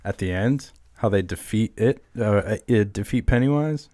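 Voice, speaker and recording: A man's voice: fairly low pitch, moderate pace, dark tone, dry recording. A man co-hosting a podcast in casual chat, easygoing and joking, and often calling people dude. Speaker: podcast co-host.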